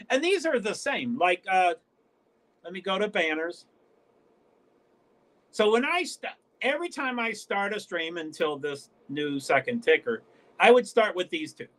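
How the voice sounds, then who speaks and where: A man from the northeastern US hosts his own livestream in loose, casual chat. His voice sits fairly high for a man. He wanders from thought to thought, trips over restarts and keeps cutting himself off. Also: a bit bright. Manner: rambling, stop-start, frequent self-interruptions. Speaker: livestream host.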